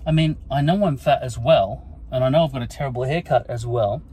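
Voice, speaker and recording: Man, worn out and short on sleep, mid-pitched, profane self-deprecating vlog rant into a phone. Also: brisk, mellow, breathy edge, low-quality recording. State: exhausted and sleep-deprived. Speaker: vlogger. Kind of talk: rambling self-recorded rant.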